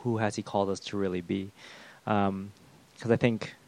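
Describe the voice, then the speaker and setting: A man preaching a sermon, talking in a halting way with lots of fillers and restarts. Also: on the low side, steady tone, a little mellow, no echo. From the West. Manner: hesitant, with many fillers and restarts.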